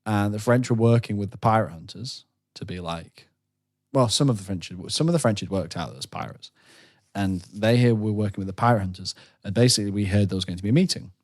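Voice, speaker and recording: Animated man telling a story. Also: lowish voice. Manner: animated storyteller, breaks into laughter and silly voices. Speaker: podcast co-host. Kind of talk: casual chat recounting a larp weekend.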